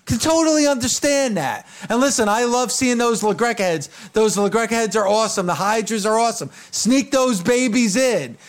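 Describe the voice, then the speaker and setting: A man's voice: very high voice, normal speed, hardly any pauses. A man co-hosting a casual talk show, telling an emphatic first-hand story and acting out what others said. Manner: emphatic storyteller, acts out quotes. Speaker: co-host. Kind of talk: casual chat.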